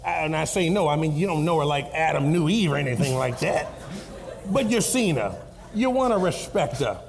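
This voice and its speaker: A man playing an excitable old grandfather who has attended church for decades, rambling through examples in a church comedy skit. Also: moderate pace, vocal fry, crowd noise. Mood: folksy. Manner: drawling, rambling, bursts into high squeals.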